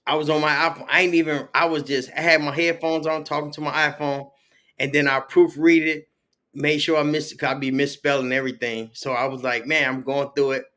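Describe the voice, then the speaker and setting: With a slightly high, level voice that is brisk and sharp in tone, this man talks as a guest on a podcast. His casual conversation is storytelling laced with slang, and he performs the voices of whoever he's quoting.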